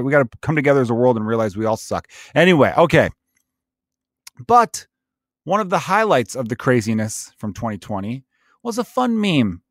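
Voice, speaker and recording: A man's voice: medium pitch, no echo, studio quality. Crude ranting male podcast host. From Chicago area. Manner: crude, animated, mocking voices in quotes. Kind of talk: solo comedic rant. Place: home setup, remote recording.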